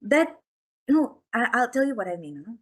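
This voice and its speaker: A woman's voice: on the high side, sing-song, brisk, fairly bright tone. A woman spiritual teacher giving a conversational discourse, full of questions and asides to her listeners. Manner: chatty, questioning, many asides to the audience. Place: temple hall.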